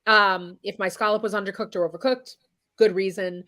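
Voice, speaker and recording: A woman's voice: medium pitch, fairly even intonation, brisk, pushed and bright. A woman talking as an interview guest, blunt and emphatic, swearing freely as she speaks her mind. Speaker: guest chef and singer. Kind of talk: candid interview talk.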